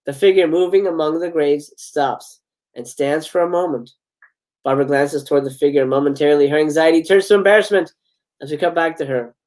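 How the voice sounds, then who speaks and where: A man's voice: a little high, brisk, a little mellow, low-quality recording. A man hosting a live stream, reading screenplay stage directions aloud with chuckling asides and occasional stumbles. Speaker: host reading film scripts. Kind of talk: live script read-aloud.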